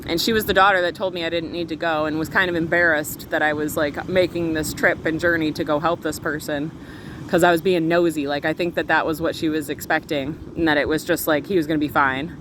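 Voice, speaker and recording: A middle-aged woman telling a story to camera in an earnest, emotional, fast-running casual way. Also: sits low, steady tone. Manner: earnest, emotional, talks fast with run-on retelling. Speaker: spiritual vlogger. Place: outdoors on a windy beach. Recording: wind and surf noise outdoors.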